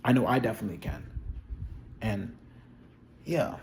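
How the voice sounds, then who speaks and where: A man with a fairly low voice talks casually and candidly, rambling from thought to thought and swearing freely. A faint hiss of background noise sits under his voice. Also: lively intonation, moderate pace, gravelly, a little mellow. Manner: candid, rambling, profane, blunt opinions. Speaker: video creator reviewing a TV show. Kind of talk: casual chat.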